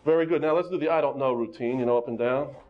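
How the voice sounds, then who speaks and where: A man teaching karate who leads students through a warm-up, calling out exercises and teasing them with jokes. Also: medium pitch, fast talker. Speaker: karate instructor. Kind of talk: leading a warm-up on a local TV show. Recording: dull lo-fi TV studio sound.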